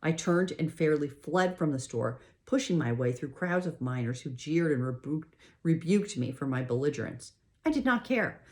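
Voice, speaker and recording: A woman with a notably low voice reads a first-person story aloud as an audiobook. Her narration is expressive and carries emotion. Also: normal speed. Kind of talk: scripted narration.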